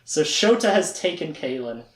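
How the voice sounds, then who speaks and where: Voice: mid-range voice, sing-song, moderate pace. A chatty, giggly speaker casually retelling the plot of a fantasy book series as a lecture. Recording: roomy echo.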